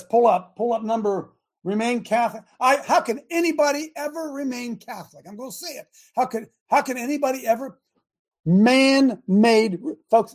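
High, husky, fiery male preacher-host. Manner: emphatic, rising to shouts. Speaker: talk show host. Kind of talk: fiery preaching talk show.

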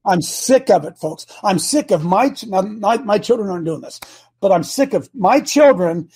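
An older man hosts a talk show, delivering impassioned political talk with fiery, preachy passion and repeating phrases for emphasis. His voice is high-pitched and animated, mellow with a slight roughness, at a moderate pace.

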